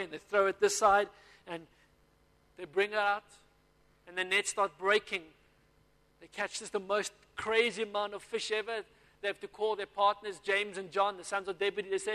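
Bright high-voiced preacher. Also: male voice, flat delivery, a little fast. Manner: storytelling with acted-out dialogue. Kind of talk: sermon. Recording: long hall reverb.

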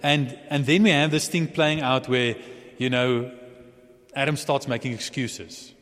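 A man preaching a sermon in a relaxed, chatty way, often restarting and chuckling. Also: medium pitch, measured pace. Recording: long hall reverb.

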